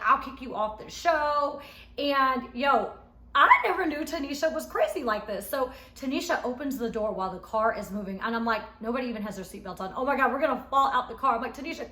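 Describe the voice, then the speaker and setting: A woman casually recapping a reality show episode she was in, telling it in an animated, emphatic way. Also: fairly high pitch, fast talker. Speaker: reality show cast member reviewing her episode. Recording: echoey room.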